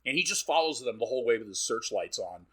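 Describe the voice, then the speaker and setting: A man's voice: mid-range voice, animated, quick pace, a bit bright, slightly rough. A man co-hosting a podcast, recapping a film in casual chat, swearing freely and acting out what the characters say. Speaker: podcast co-host.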